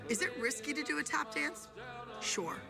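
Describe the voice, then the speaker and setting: A woman's voice: high-pitched, expressive, moderate pace, gravelly. Woman dance teacher, direct, TV clip with a music bed. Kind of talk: TV reality show dialogue.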